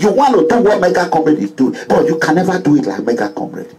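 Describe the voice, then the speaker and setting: Impassioned Nigerian man with a lively pitch. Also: brisk, low-quality recording. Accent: Nigerian English with Pidgin. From Nigeria, Edo State. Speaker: political activist vlogger. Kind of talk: impassioned political monologue.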